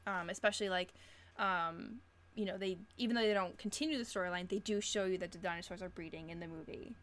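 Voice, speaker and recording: A woman's voice: on the low side, fast talker, fairly bright tone. A young woman co-hosting a podcast in casual chat, rambling with many restarts and fillers. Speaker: podcast co-host.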